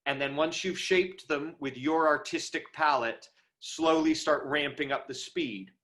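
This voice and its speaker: Over a video call from home, a man lectures casually on performing verse, his high-leaning voice fairly bright and his pace measured. The acting teacher thinks out loud, full of ums and restarts, picked up by the call's microphone.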